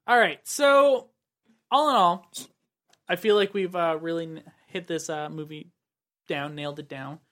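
A man's voice: fairly high pitch, unhurried, long pauses. A man hosting a casual movie review chat with friends, teasing them and leading the ratings. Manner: teasing, animated.

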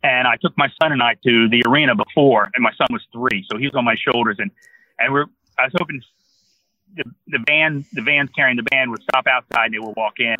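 Older male interview guest from New Jersey, rambling storyteller, very bright tone, dull lo-fi sound. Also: mid-range voice, fairly quick, dry recording. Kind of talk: casual storytelling.

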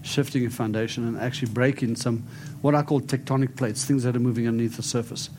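A man preaching and praying over people in an animated, storytelling way. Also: mid-range voice, fast talker, slight background noise. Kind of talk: prophetic ministry preaching and prayer.

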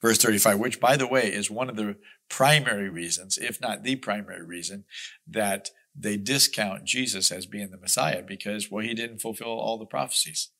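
Earnest bright-voiced male Bible teacher. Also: on the low side, normal speed. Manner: earnest, emphatic, lifts his voice when reading scripture; conversational asides with small restarts. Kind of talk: Bible study reading with commentary.

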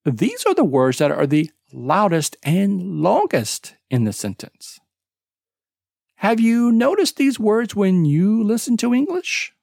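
A pronunciation teacher hosting a podcast lesson, taking each point slowly and deliberately. The voice swoops up and down with lively intonation, and stressed words are leaned on hard. The recording is dry and close, with almost no room sound. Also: medium pitch, vocal fry, no echo. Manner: slow, deliberate explaining with emphatic word stress; spells out web addresses letter by letter.

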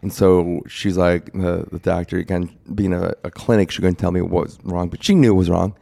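A low, gravelly man in his forties with a dark, mellow tone, recounting his story in a casual chat. He talks in a plain-spoken, rambling way, circling back as he goes. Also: steady tone, a little fast. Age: 40s. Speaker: guest telling his story.

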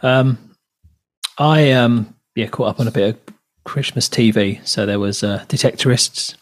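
A man's voice: mid-range voice, measured pace. A man co-hosting a casual chat, chatty and full of questions. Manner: chatty, asks questions, many fillers. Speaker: podcast co-host.

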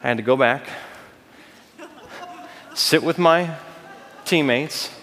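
A man preaching a sermon, telling a personal story with lively acted-out quotes. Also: mid-range voice, slow, long reverb tail, slight background noise. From United States. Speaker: pastor.

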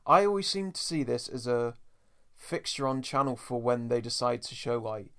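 A man's voice: medium pitch, normal speed, fairly bright tone, clear, resonant tone. A man hosting a podcast in casual chat, talking to listeners as folks. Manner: chatty, addresses listeners as folks. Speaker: podcast host.

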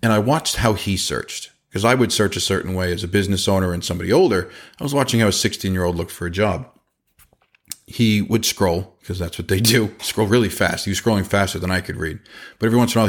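Lively man giving business advice. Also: deep voice. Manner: animated storytelling with quick asides. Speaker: podcast host and business owner. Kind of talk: casual podcast monologue.

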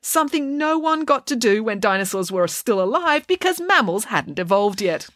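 A woman voicing a blustery middle-aged female professor who speaks brightly and pompously, with a hidden menace. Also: fairly high pitch, very animated, moderate pace, no echo, studio quality, voice pushed up. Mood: pompous cheer. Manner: bright, pompous, overloud laughter.

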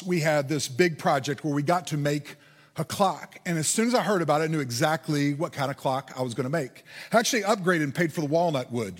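A man from Indiana preaching a sermon, telling a personal story and building to earnest emphasis. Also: a little high. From Indiana, USA. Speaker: pastor. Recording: hall reverb.

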